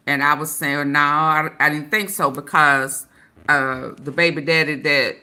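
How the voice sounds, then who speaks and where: A woman with a deep, slow voice offers casual commentary on a clip she is playing. She halts it to explain points directly to her viewers. Her tone is bright despite the low pitch. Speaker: commentator reacting to a played clip.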